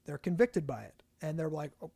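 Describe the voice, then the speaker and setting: A man's voice: a little high, animated, brisk, gravelly, mellow, no echo. A young man co-hosting a casual podcast, talking in a rambling way with many restarts and fillers. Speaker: podcast co-host.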